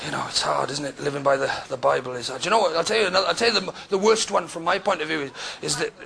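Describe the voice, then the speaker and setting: Welsh man, stand-up comedian, quick talker, noisy live club recording. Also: on the high side, creaky. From Wales. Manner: conversational, teasing the audience, sudden loud outbursts. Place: comedy club stage before a live audience.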